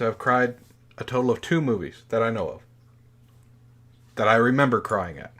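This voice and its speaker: A man in his forties co-hosting a podcast, telling stories in a profane, animated casual chat. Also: medium pitch, normal speed, pauses often. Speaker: podcast co-host.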